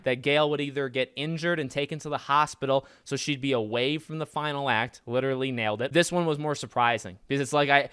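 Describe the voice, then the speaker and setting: A man hosting a podcast, talking casually about a film in a rambling, animated way with many restarts. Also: medium pitch, clean tone, no echo, studio quality. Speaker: podcast host.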